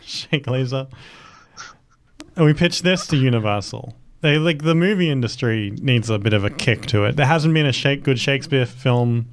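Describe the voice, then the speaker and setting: A man co-hosting a casual comedy podcast, tossing out playful ideas in a halting way. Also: medium pitch, a little hiss or hum. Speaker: podcast co-host.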